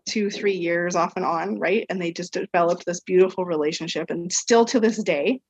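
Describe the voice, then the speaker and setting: A woman's voice: lowish voice, moderate pace, a little mellow, slightly rough, dry recording, poor audio. A woman guest on a podcast, telling a personal story in a casual, rambling way full of "like" and "um". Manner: rambling storyteller, heavy use of "like" and "um". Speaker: podcast guest, equine therapy practitioner.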